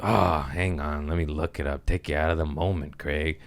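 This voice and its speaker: A man's voice: a bass voice, fairly even intonation, normal speed. A young man hosting a casual solo podcast, rambling and profane, often laughing at his own jokes. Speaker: podcast host.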